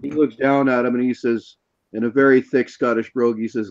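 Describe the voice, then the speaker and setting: Casual male storyteller, chuckling, animated, on a muffled lo-fi recording. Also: mid-range voice, fairly quick. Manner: animated anecdote teller, chuckling. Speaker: podcast host. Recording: dull lo-fi audio.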